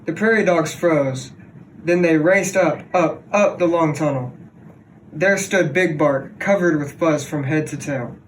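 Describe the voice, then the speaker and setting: A young man on a sports team reading a children's picture book aloud in a plain, steady way. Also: on the high side, measured pace, distant mic, a little hiss or hum, rough recording. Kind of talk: storybook read-aloud.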